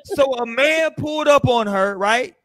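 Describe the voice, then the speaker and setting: Teasing male panelist, very high and bright, dry close sound. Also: a little slow, no room sound. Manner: teasing, repeats himself to provoke the others. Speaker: podcast panelist. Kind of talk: casual panel chat.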